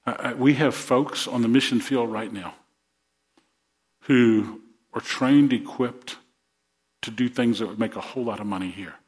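A man's voice: mid-range voice, unhurried, long pauses, darkish tone. A male pastor preaching a sermon to his congregation in earnest, repeating words as he builds to rousing emphasis.

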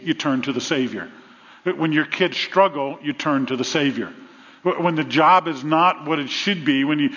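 A man's voice: fairly high pitch, fairly bright tone. A man preaching a sermon as pastor, earnest and fond of repeating phrases in threes. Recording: long reverb, dull lo-fi sound.

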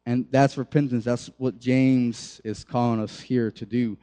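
Young male youth preacher, mellow tone, loose talk to a room of teens. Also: medium pitch, level tone, unhurried, hardly any pauses, smooth, faint music behind. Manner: conversational, many fillers and restarts, addresses the group directly. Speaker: youth pastor. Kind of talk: casual sermon.

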